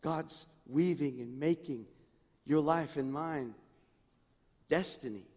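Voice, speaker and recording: A middle-aged man preaching a sermon as senior pastor, swinging from hushed, intimate asides to loud, rising exclamations. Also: fairly high pitch, takes it slowly. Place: church sanctuary. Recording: long reverb in a church hall.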